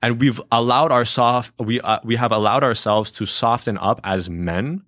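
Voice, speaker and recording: A man's voice: medium pitch, moderate pace, a bit bright, dry recording, studio quality. A man co-hosting a podcast, talking in an emphatic, opinionated way and often restarting his sentences. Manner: opinionated, emphatic, repeats words when starting. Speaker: podcast co-host. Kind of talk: casual podcast discussion.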